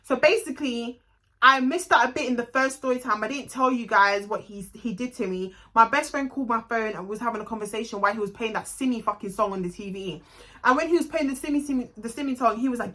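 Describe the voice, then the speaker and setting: A young woman with a London accent tells a storytime tale in a casual vlog. She is blunt, swears freely and tells it with animated energy. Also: fairly high pitch, a little fast. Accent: London English. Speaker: vlogger.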